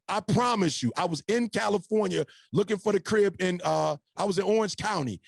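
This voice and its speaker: High, gravelly man preaching motivation. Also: brisk, few pauses, no echo. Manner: preacher-like, punchy, addresses the audience as y'all. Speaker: motivational speaker, podcast guest. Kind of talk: emphatic motivational storytelling.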